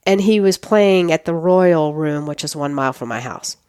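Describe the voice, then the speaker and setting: Smooth-voiced woman telling a lively story. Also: low voice, moderate pace, no room sound, clean studio sound. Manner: animated storyteller who acts out quoted dialogue. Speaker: interview guest, photographer. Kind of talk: casual storytelling interview.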